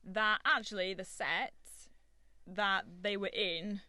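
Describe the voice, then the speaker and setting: A woman co-hosting a podcast, rambling and animated in casual talk, with the odd swear. Her voice sits at a middle pitch. She is recorded close and dry, with no room sound. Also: takes it slowly, no room sound. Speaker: podcast co-host. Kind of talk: casual chat.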